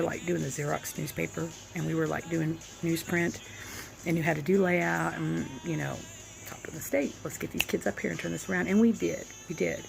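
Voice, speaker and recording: Brief: woman in her forties, deep-ish gravelly voice, halting heartfelt storytelling. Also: poor audio. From Oklahoma. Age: 40s. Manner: candid, reflective, halting with fillers. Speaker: vlogger. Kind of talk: personal storytelling.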